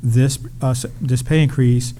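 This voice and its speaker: Male district official, warm dark voice, cautious advisory tone, light room noise. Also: mid-range voice, steady tone, unhurried. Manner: careful, qualifying advice. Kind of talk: advising a board meeting.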